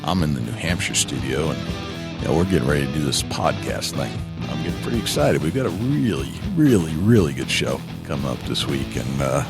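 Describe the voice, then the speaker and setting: Very deep-voiced man hosting a podcast. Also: big pitch swings, brisk, creaky, over loud music. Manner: easygoing, rambling with restarts. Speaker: podcast host. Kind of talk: casual podcast chat. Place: home studio.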